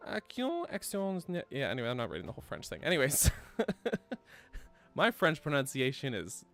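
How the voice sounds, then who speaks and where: A man's voice: mid-range voice, very animated, fairly quick, a bit bright, soft background music. A man from Canada chatting casually while streaming a video game, laughing often and answering chat.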